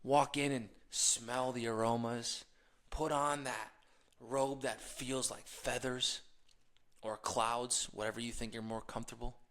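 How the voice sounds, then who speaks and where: A man hosts a motivational talk with a bright, tense voice at a middle pitch. He tells stories with energy, laughs along with them, and drops to hushed asides before rising to loud emphasis. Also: a little slow. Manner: energetic storytelling, laughs while telling stories. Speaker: podcast host.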